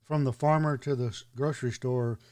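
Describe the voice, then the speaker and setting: Mid-pitched male guest, dry sarcastic storyteller, relaxed chat. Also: brisk. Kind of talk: casual chat.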